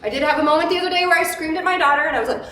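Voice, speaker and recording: A therapist giving a workshop lecture, lively and full of questions for the audience. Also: female voice, high-pitched, racing, a little hiss or hum. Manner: lively, asks the audience questions, acts out quotes. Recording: echoey room, mic at a distance.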